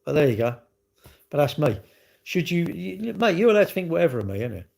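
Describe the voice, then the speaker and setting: A man's voice: on the high side, sing-song, brisk, gravelly, darkish tone. A man talking casually to viewers on a livestream, rambling and repeating himself in a defensive way. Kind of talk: casual live chat to viewers.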